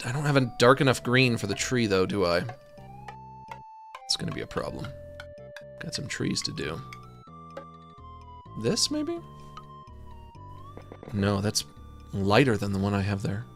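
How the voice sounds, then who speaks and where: A man's voice: fairly low pitch, sing-song, unhurried, long pauses, fairly bright tone, soft background music. A man giving casual, rambling commentary while drawing, joking and swearing freely. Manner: rambling, jokey, profane. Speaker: streamer.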